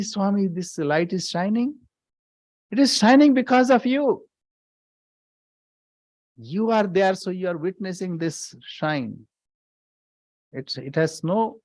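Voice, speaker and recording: A male swami leads a scripture class at an unhurried, measured pace, often repeating a line to drive it home. He breaks into chanted verses between his explanations. The recording is dry and close, with almost no room sound. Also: high-pitched, darkish tone, dry recording. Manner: deliberate, repeats phrases for emphasis, chants verses.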